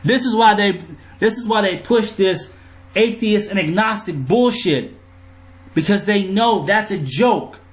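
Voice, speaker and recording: A man's voice: high-pitched, unhurried. A man in an angry monologue to his viewers, riled up, profane and ranting. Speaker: vlogger.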